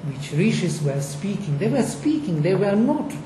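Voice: mid-range voice, sing-song, moderate pace. A speaker explaining ancient recitation on a discussion panel, emphatic and fond of rhetorical questions. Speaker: lecturer on Vedic recitation. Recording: echoey room, faint noise.

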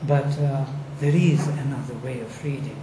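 A lecturer on Vedic recitation explains ancient recitation on a discussion panel, emphatic and fond of rhetorical questions. The voice sits at medium pitch with a steady tone and normal speed. The room is echoey, with faint noise.

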